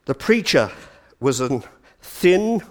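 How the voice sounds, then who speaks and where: A man giving a storytelling lecture, animated and full of chatty asides. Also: a little high, slow pace. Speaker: speaker giving a talk.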